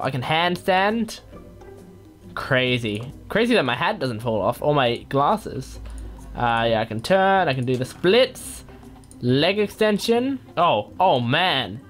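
A woman hosting a gaming video, chatting casually over her gameplay, excitable and giggly, breaking into sung dance noises. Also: sits low.

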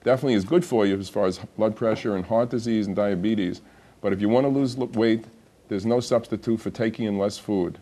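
Hosting a TV health show, a man chats casually with viewers and laughs through his own joke. His voice is fairly low, mellow and fairly quick.

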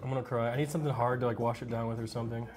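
A man's voice: medium pitch, steady tone, rapid-fire, darkish tone, faint music behind. An American man in his thirties chatting casually on a dinner date, whiny and nervous but joking. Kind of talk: casual chat.

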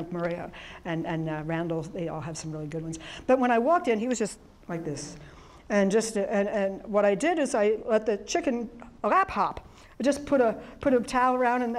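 Middle-aged woman presenter, animated storyteller, talks to a live audience. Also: medium pitch. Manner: chatty, animated storyteller with many restarts and laughs.

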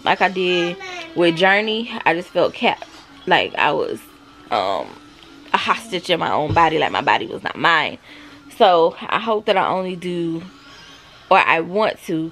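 A woman's voice: fairly low pitch, sing-song, normal speed, fairly bright tone. A woman in her thirties, a mother chatting casually and confidingly to her viewers at home. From South Carolina, US. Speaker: vlogger, mother. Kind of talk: casual chat to camera.

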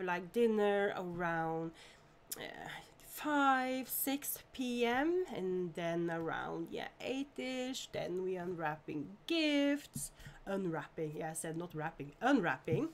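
Slow-talking woman streamer. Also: medium pitch, lively intonation. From Norway. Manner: chatty, greets viewers by name, laughs often. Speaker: live-stream host. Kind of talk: casual live-stream chat.

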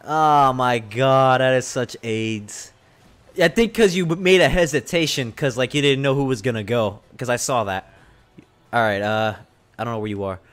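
A young man giving excited, loud gameplay commentary, yelling and laughing as he plays. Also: mid-range voice, normal speed. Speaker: gamer and video host.

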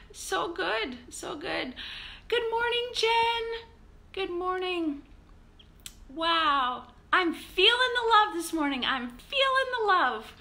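A woman's voice: very high-pitched, lively intonation, slow pace, bright, forceful tone. A woman pastor leading a live-streamed morning devotional, chatty and upbeat as she greets viewers by name.

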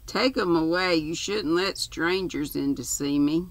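A woman's voice: fairly low pitch, unhurried. An older woman reading aloud and voicing a cantankerous, imperious old aunt who scolds her visitors. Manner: haughty and scolding. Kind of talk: storybook reading.

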